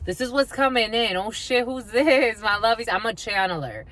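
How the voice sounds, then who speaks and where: A woman's voice: mid-range voice, normal speed, hardly any pauses, a bit bright. A woman giving a channeled tarot reading, blunt and swearing freely, and sometimes half-singing her lines. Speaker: psychic reader.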